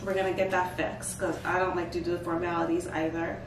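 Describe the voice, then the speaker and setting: Woman host recounting a trip with lively, playful delivery; echoey room, distant mic. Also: fairly low pitch, a little fast, noisy background. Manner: animated, playful storytelling with bursts of laughter. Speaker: vlog host. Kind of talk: casual chat.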